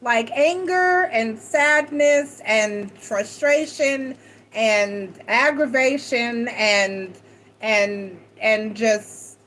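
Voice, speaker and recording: Woman tarot reader, fairly high voice, chatty and rambling, frank with a salty streak; faint hiss behind. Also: drawn-out words, a bit bright, poor audio. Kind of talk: casual tarot reading monologue.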